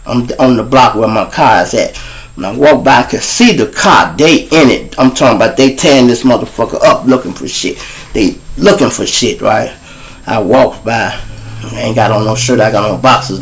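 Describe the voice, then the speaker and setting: This mid-range male voice comes through on poor audio. He's a Chicago host and storyteller with a Chicago accent, speaking straight to his audience as he spins casual, raw, profane street stories.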